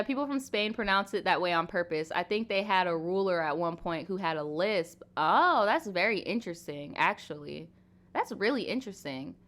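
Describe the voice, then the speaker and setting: A woman's voice: fairly low pitch, fairly bright tone. A young woman in her twenties hosting a casual live Q&A stream, talking frankly with lots of fillers and swearing. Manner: chatty, frank, swears casually, many "like"s and laughs. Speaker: livestream host.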